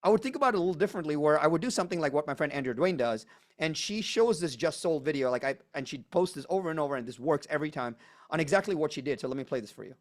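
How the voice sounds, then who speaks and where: Male workshop presenter, quick delivery, slightly higher voice, emphatic and punchy, on a video call. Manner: emphatic, energetic, punchy repetition. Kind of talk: live online coaching presentation.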